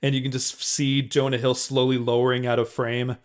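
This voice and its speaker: A man co-hosting a podcast in casual conversation, easygoing and quick to agree and chime in. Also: mid-range voice, flat delivery. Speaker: podcast co-host. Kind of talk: casual film discussion.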